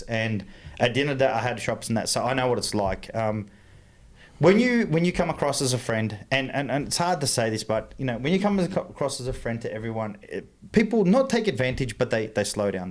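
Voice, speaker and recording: A man's voice: mid-range voice, big pitch swings, brisk. A man with an Australian accent talking bluntly as a podcast guest, often circling back and restarting his sentences. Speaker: guest, engine builder. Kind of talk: casual podcast chat.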